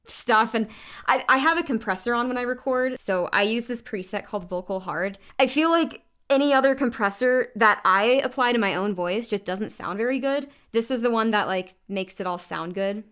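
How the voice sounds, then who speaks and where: A woman's voice: on the high side, fairly bright tone, smooth. A woman singer chatting casually on a livestream while recording vocals, laughing often and saying "like" a lot. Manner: chatty, quick laughs, frequent "like".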